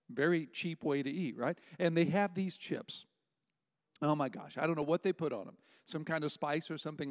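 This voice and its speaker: Older preacher in a reverberant hall. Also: male voice, a little high. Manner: emphatic rhetorical questions and folksy anecdotes. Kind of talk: sermon. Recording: long reverb of a large hall.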